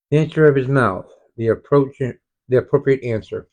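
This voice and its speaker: A man leading an online Bible study, reading verses slowly and explaining them, often stumbling and restarting words. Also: medium pitch, a little mellow. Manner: halting, frequent self-corrections and restarts. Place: home, online group study.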